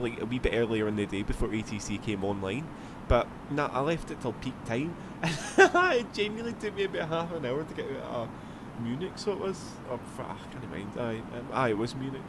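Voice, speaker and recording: A man's voice: medium pitch, noisy background. A man with a Scottish accent, rambling casually as he streams a flight sim, swearing now and then. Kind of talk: casual gameplay commentary.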